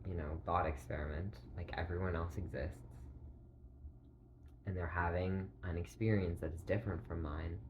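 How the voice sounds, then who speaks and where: A man thinking aloud in a rambling philosophical monologue, halting and full of filler words, often clearing his throat. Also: low-pitched, steady tone, slight background noise.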